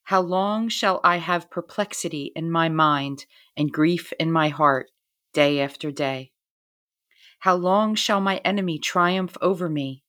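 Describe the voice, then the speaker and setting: Woman, deep voice, slow psalm reading, mournful and solemn. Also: a bit bright. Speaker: liturgy reader.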